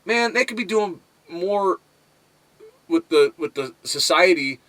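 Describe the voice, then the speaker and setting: A man's voice: sits high, expressive, slow pace, fairly bright tone, no room sound. A man, a rapper, talking casually to the camera in a blunt, boastful, profane way.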